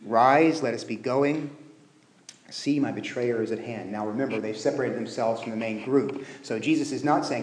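A man's voice: medium pitch, a little hiss or hum. A man preaching a sermon, explaining scripture and briefly acting out the figures in it. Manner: lively, acts out biblical figures in quick asides. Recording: echoey room.

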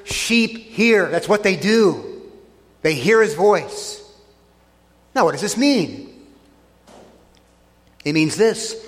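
A man preaching a sermon, earnest and emphatic, slowing down to stress key phrases. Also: a little high, in a large hall. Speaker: pastor.

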